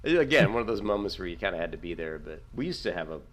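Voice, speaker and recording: A man chatting casually while gaming, telling animated stories and jumping up high when he quotes himself. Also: rapid-fire. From United States. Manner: storytelling, jumps high when quoting himself. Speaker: gaming streamer.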